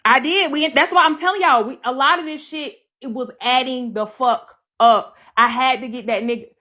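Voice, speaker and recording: A woman with a high voice speaks at a moderate pace, sounding pushed and bright. On her livestream she gives her side of a breakup casually and profanely, repeating points to make them stick.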